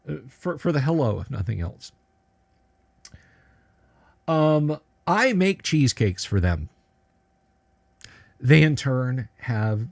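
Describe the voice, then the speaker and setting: A man with a medium-pitched, darkish voice hosts a casual livestream from his computer. He rambles and jokes, using many fillers and restarts.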